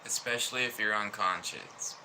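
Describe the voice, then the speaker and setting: A man from Alabama with a Southern US accent, rambling slowly through a casual livestream chat with lots of fillers. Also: on the low side, bright, forceful tone, a little hiss or hum, low-quality recording.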